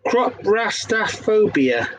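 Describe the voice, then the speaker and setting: A young Englishman with a Devon accent hosts a casual pub quiz, laughing and swearing as he stumbles over the questions. His voice is high and very animated, he takes it slowly, and the recording is rough.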